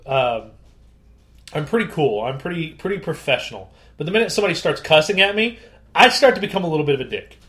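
A man in his thirties co-hosting a podcast, telling stories in a casual, animated and profane way, acting out quotes loudly. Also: a little high, quick pace. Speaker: podcast co-host. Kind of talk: casual storytelling chat.

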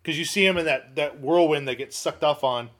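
A man's voice: fairly high pitch, brisk, a bit bright. A man chatting casually about movies, laid-back and hesitant with many ums. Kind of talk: casual chat.

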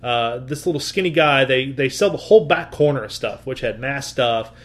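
A man's voice: mid-range voice, normal speed. A man telling a story in casual chat, acting out what people said and swearing freely. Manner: animated, swears, acts out quotes.

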